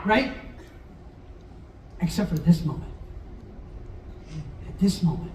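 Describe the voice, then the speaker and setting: A man's voice: very high-pitched, huge pitch swings, a little slow, long pauses, slight background noise. Guy pastor giving a chatty sermon, acts out the quotes, roomy hall mic kinda far off. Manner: conversational preaching with acted-out quotes. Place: church hall. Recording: roomy echo, heard from a distance.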